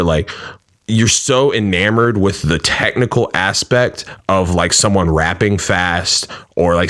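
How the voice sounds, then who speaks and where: Deep-voiced man rambling on a podcast. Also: fairly bright tone. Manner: rambling, full of "like" and swearing. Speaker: podcast co-host and rapper. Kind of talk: casual podcast chat.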